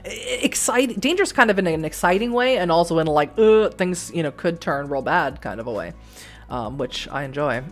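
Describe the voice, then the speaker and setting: A middle-aged woman from the Boston area with a faint Boston accent speaks fairly quickly in an animated, fairly low voice as she streams a story game, with faint music behind her. She reads aloud and chats with viewers in a rambling style, laughing and restarting a lot.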